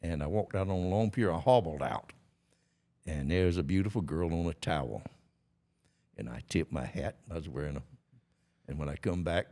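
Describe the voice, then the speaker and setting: A man's voice: extremely low pitch, normal speed, pauses often, dark tone. A man, telling a story as a podcast guest in a folksy, laughing way. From Georgia, USA. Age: 80s. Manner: folksy, laughing often, plain rural grammar. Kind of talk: storytelling in a casual interview.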